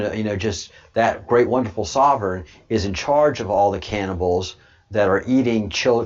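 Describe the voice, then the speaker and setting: Halting man on a dull lo-fi stream. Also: on the low side, a little mellow. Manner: halting, many restarts, then slow emphatic repetition. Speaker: channel host. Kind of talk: livestream talk answering chat.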